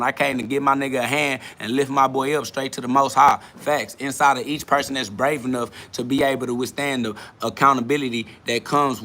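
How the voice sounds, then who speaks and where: A man's voice: medium pitch, sharp tone. A young man hosting a podcast, answering live chat in a blunt, profane, lecturing monologue. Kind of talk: preachy live-stream monologue.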